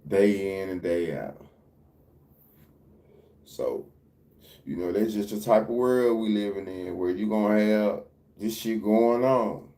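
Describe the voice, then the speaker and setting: Male streamer, deep-ish and mellow, loose repetitive commentary. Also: slow, long pauses. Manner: loose, repetitive, profane street talk. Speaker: livestream reaction host. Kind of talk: casual livestream commentary.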